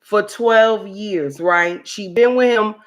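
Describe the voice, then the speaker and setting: Slow, preachy woman on a livestream. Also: mid-range voice. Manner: preachy, repeats lines for emphasis. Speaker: livestream host. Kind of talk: casual commentary livestream.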